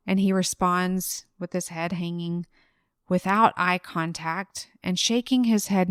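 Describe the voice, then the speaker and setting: A woman co-hosting a casual true-crime podcast, telling the case in a relaxed way and laughing easily. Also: lowish voice, slow pace, smooth, no echo, clean studio sound. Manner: relaxed storyteller, laughs easily, acts out quotes briefly. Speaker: podcast co-host narrating the case.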